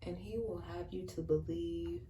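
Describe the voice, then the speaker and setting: A young adult woman vlogger sharing a casual faith testimony while getting ready, earnest and chatty, with lots of "you know" and quick laughs. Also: lowish voice, steady tone, mellow, a little hiss or hum. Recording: roomy sound from a mic some distance away.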